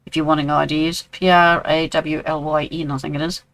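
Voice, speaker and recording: A man's voice: on the high side, level tone, brisk, gravelly, fairly bright tone, no room sound, low-quality recording. Chatty older New Zealand man streaming. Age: 60s. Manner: chatty, reads out and answers viewers' messages. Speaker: game streamer. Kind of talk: casual live-stream chat.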